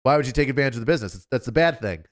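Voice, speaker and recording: A man putting on a puzzled, rule-bound man in an anecdote, insistent and fast. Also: mid-range voice, animated, lightly acted.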